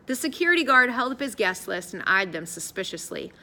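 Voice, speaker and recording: A woman narrating an audiobook in an expressive, lively storytelling voice. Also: medium pitch, brisk, hardly any pauses. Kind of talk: scripted narration.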